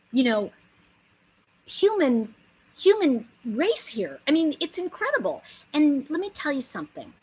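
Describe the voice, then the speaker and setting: On a rough recording, a woman with a high, somewhat bright voice gives a casual, rambling motivational talk. She's an inspirational speaker, earnest and emphatic, full of asides.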